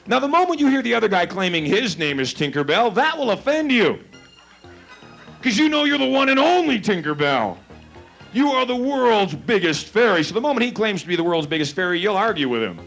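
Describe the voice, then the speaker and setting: A man's voice: sits high, sing-song, fairly quick, gravelly, a bit bright, faint music behind. A man working as a stage hypnotist, giving playful commands to volunteers in front of a live theater audience. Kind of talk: live stage show patter.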